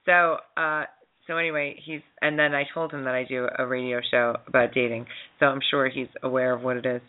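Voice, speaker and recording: A woman's voice: a bass voice, little pitch movement, a little fast. A woman co-hosting a radio show about dating, chatting and telling stories with plenty of giggles. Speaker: radio co-host. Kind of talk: casual chat. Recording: phone-like narrow sound.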